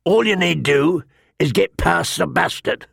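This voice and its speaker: A man's voice: a little high, a little slow, creaky, a bit bright, breathy edge, no room sound, clean studio sound, voice pushed up, full character voice. A man playing a cold, sneering master-at-arms. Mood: mocking. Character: sharp cold cruel male master-at-arms, mocking.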